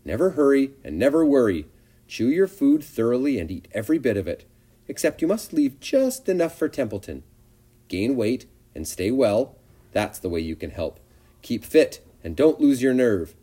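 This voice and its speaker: A wise, motherly spider speaks calmly and reassuringly, gently firm, as a man gives her a voice in a storybook reading. Her tone is warm and mellow, and her lines lift a little higher than the narration. She sounds cool and collected throughout. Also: normal speed. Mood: soothing. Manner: calm, soothing, gently firm.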